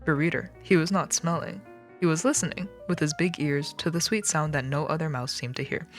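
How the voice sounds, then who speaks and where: Low-voiced woman streamer reading aloud. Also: fairly even intonation, brisk, soft background music. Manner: joking asides, laughs, swears casually. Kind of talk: reading a children's book aloud on a live stream.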